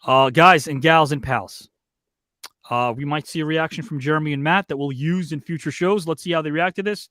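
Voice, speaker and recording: A man's voice: fairly high pitch, moderate pace, fairly bright tone, dry recording, studio quality. A man hosting a live online debate show, upbeat as he reads out viewer votes and comments. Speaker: host.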